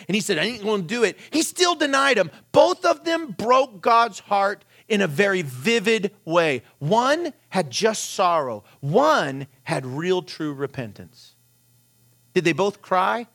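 High-voiced man preaching conversationally. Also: a bit bright. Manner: conversational preaching with rhetorical questions and short anecdotes. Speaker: pastor. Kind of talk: sermon.

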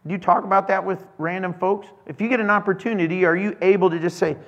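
High-voiced man preaching casually. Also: fairly even intonation, fast talker, a bit bright, highs cut off. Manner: conversational, acts out little scenes with voices. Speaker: pastor. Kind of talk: casual sermon.

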